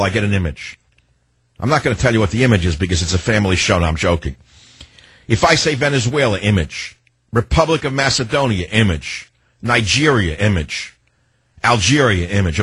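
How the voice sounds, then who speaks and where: An older man talks in a rough, breathy, husky voice with a fairly low pitch. He rambles on, sardonic and free-associating, like a talk radio host holding forth. The sound is dry and close to the mic. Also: a bit bright, dry recording. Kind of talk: opinionated talk radio monologue.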